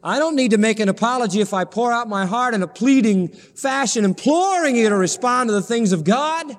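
A male pastor preaches with a fairly high voice, pleading passionately with his congregation and swinging between loud rises and quiet drops. His words carry a long reverb, as if he were in a large church hall. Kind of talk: sermon.

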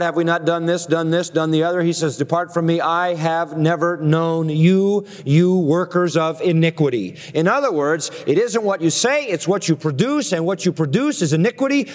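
A man's voice: a little high, in a large hall. A man preaching a sermon, emphatic and driving, often using rhetorical questions. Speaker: pastor.

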